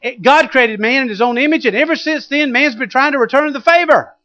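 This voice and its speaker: A male preacher giving a dramatic sermon, swinging from loud exclamations to hushed asides. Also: extremely high pitch, fairly quick, dry recording. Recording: dull lo-fi recording.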